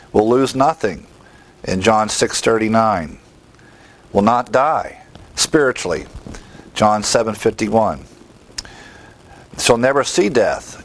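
A man's voice: lowish voice, low-quality recording. A man giving an expository Bible lesson, emphatic and explanatory, rattling off verse references between his points. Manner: emphatic, rapid verse citations. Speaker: Bible teacher.

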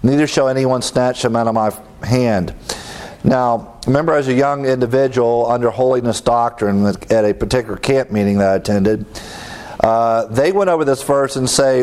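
A middle-aged man teaches in a sermon style with an earnest, emphatic delivery. His voice sits at an ordinary middle pitch, and he drives home each point by repeating it. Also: moderate pace, darkish tone. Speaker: preacher teaching a class.

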